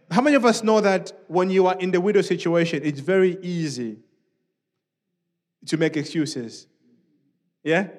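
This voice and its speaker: A man preaching a sermon in a church, speaking in an animated, conversational way with many asides to the congregation. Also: high-pitched. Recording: long reverb of a church hall.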